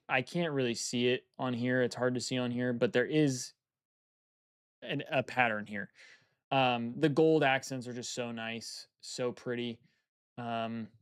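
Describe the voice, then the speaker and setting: A man's voice: mid-range voice, smooth, dry recording, studio quality. A young man chatting casually on a live stream, thinking aloud and repeating phrases as he weighs his choices.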